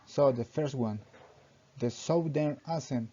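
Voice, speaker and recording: A young man reads his class presentation aloud in short, halting phrases, stumbling over grammar now and then. His voice is dark and mellow, and the recording sounds dull and lo-fi. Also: mid-range voice, slight background noise. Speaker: student presenter.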